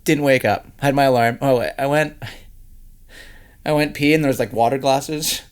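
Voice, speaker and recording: A man from Canada, a podcast guest telling stories in casual chat, animated and laughing often. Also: medium pitch, normal speed, clear, resonant tone. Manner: animated storyteller who laughs often and puts on quoted voices.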